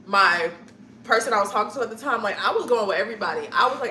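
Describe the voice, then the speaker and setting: Young woman streamer, bright voice, loose rambling chat, echoey room with faint hum. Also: mid-range voice, animated, fast talker. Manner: rambling, chatty, laughs often. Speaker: streamer chatting with viewers. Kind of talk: casual chat to live viewers.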